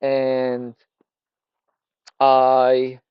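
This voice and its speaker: A man's voice: medium pitch, completely flat delivery, extremely slow, clear, resonant tone, dry recording. Hesitant rambling man, dry dull sound. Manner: rambling, hesitant, many fillers and restarts. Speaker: vlogger. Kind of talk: casual reflective monologue. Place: outdoors by a fire.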